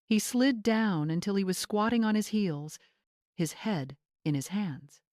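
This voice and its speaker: A woman telling a first-person story in a calm, deliberate scripted narration. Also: medium pitch, dry recording, studio quality.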